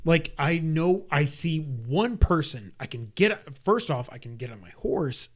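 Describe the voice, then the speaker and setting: A man's voice: on the high side, measured pace. A man co-hosting a podcast, chatting casually about a video game with lots of fillers and restarts. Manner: rambling, animated, frequent fillers and restarts. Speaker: podcast co-host. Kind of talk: casual gaming chat.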